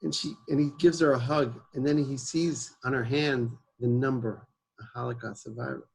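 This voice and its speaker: A man with a heavily gravelly, fry-laden voice and a husky edge. He tells his story in an earnest, emphatic way and drops Hebrew words into his English. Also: medium pitch, fairly even intonation, moderate pace, darkish tone, poor audio. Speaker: guest, emergency service founder. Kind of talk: personal storytelling in an interview.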